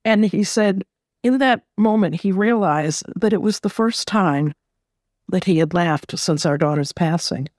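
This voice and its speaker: A middle-aged woman being interviewed, telling a personal story in a gentle, reflective way and often repeating words as she gathers her thoughts. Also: fairly low pitch, unhurried, no echo, studio quality. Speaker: interview guest.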